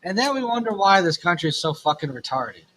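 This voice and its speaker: A man's voice: high voice, sing-song, fast, a bit bright, slight background noise, rough recording. A man co-hosting a casual chat show, talking bluntly and crudely with provocative remarks. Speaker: co-host.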